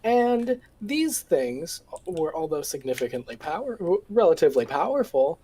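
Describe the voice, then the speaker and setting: Animated, hesitant tabletop player. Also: mid-range voice, normal speed, a little hiss or hum, low-quality recording. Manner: hesitant, many restarts, swears. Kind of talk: casual in-character play.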